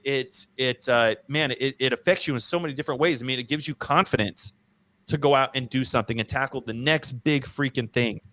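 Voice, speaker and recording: With a slightly bright, mid-range voice, this man hosts an easygoing podcast. His personal storytelling is slangy, emphatic and self-mocking, with "dude" and "bro" coming up again and again.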